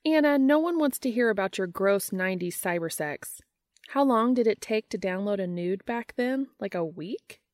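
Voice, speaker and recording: A woman reading an audiobook, voicing an excitable young woman friend in a high, bubbly voice. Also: normal speed, dry recording, clean studio sound, close to an everyday voice. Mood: eager teasing.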